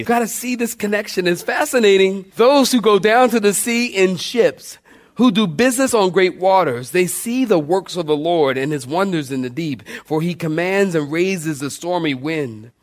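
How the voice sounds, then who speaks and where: In this sermon, a male pastor addresses the congregation directly, his delivery marked by shifting loudness and pitch.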